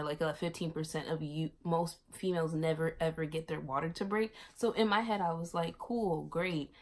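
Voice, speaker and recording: Young woman vlogger from Miami, casual storyteller, slightly low voice, dramatic swings when she quotes people. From Miami, USA. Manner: animated, acts out quoted lines with big swings in pitch and volume. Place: bedroom, sitting on her bed.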